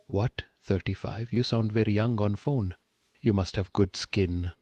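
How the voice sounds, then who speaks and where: A synthetic male voice with an Indian accent playing a lonely, pushy man who keeps pressing a stranger, speaking low and close to the mic in broken English. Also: unhurried, background noise, close to an everyday voice. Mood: clingy pushy. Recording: dull, dry lo-fi synthetic voice.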